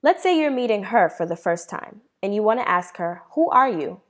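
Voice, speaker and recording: A woman teaching a beginner Hebrew lesson, asking questions, pausing, then answering them herself with praise and slowing down to model each word. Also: mid-range voice, sing-song. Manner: slows down to model words.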